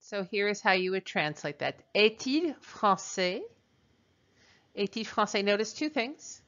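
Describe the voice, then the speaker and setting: A woman teacher leading a recorded translation drill, speaking slowly and deliberately with pauses. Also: mid-range voice, animated, fairly bright tone, lo-fi sound. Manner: slow, deliberate dictation with pauses. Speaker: French teacher.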